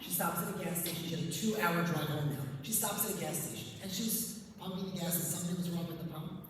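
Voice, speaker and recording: A man, a rabbi, giving a conference talk to a live audience and telling a story with gentle humor. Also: a little high, steady tone, fast talker, slight background noise. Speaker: rabbi and speaker on couples. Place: large event hall. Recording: echoey hall, distant mic.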